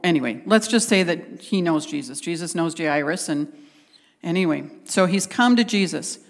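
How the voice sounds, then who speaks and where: A woman's voice: fairly low pitch, normal speed. Woman preaching in a reverberant hall. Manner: conversational, animated, acts out quotes. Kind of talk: sermon.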